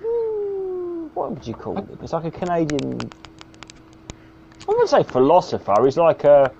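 A man's voice: on the high side, huge pitch swings, normal speed, vocal fry, background noise. A man co-hosting a podcast, rambling, teasing and swearing in casual banter. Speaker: podcast co-host. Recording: dull lo-fi sound.

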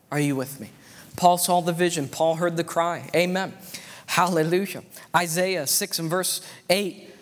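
Fervent preacher man, slightly high voice. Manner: fervent, repetitive, punctuated with amens and hallelujahs. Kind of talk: sermon. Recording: long hall reverb.

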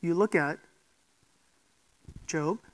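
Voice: medium pitch, very slow, low-quality recording. A preacher giving a sermon, speaking emphatically, posing rhetorical questions and often checking in with the listeners.

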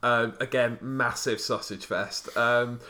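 Rambling man with a bright voice. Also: medium pitch, steady tone, slow. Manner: rambling, hesitant with many fillers. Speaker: podcast host. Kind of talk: casual chat.

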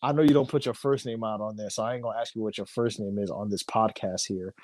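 A man co-hosting a podcast, chatting casually with animated, slangy, joking banter. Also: lowish voice, quick pace, dry recording. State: tired. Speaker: podcast co-host. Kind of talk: casual chat.

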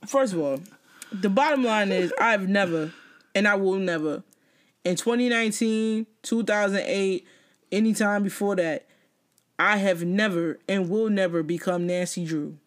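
A woman co-hosting a casual chat, telling stories with lots of energy. She acts out the other people's lines herself and laughs often. Her voice sits at a middle pitch. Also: measured pace. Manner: animated storyteller who mimics others and laughs often. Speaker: podcast co-host. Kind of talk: casual banter.

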